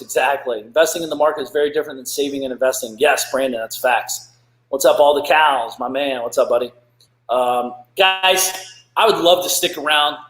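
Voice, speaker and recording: A man's voice: mid-range voice, fairly bright tone, echoey room, poor audio. A man hosting a live stream, reading viewer comments and giving earnest, rambling motivational advice with many fillers and restarts. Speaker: host of a live motivational show.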